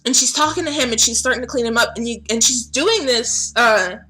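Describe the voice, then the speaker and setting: A woman's voice: on the high side, a little fast, bright, forceful tone. A woman game master narrating a tabletop game in a casual, chatty way, full of fillers and swearing.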